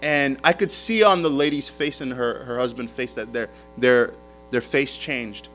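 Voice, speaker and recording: A man preaching a sermon as a pastor, telling stories in an animated way with casual slang. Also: medium pitch, measured pace, soft background music.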